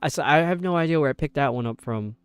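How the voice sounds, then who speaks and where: This young New Yorker talks fast on a live stream, his voice on the high side, expressive and clean, with no room sound. His casual gaming chat wanders, packed with filler words.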